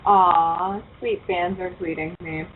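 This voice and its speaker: A woman's voice: on the low side, fairly even intonation, slow pace. Profane, chatty woman radio host. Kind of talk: casual internet radio chat. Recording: tinny phone-like line with faint hiss.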